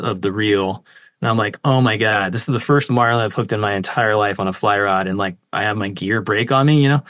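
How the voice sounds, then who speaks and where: A man in his forties, a fishing guide, telling a story with excitement and lots of fillers, jumping up in pitch when he quotes others. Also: no echo. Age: 40s. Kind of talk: animated storytelling in a podcast interview.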